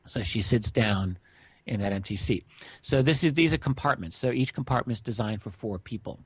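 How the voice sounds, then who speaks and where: A man's voice: fairly low pitch, normal speed, husky, dry recording. Middle-aged guy telling a weird story on a radio show, easygoing, lots of uh's, dry close sound. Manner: relaxed, recounting a witness's story with fillers. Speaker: guest researcher.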